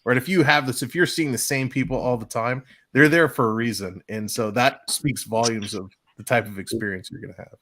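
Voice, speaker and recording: A man's voice: medium pitch, fairly quick, hardly any pauses, fairly bright tone. A man on a live travel chat who eagerly sums up what the stories say about the experience. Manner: enthusiastic, sums things up. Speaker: co-host of a travel show. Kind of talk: casual livestream chat.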